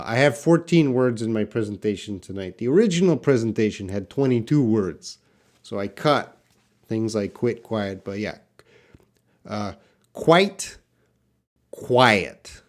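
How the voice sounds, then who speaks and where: A man teaching English pronunciation in a live online class, drawing out words slowly and answering questions from the chat. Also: lowish voice, a little mellow. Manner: slow, drawn-out word repetition for learners.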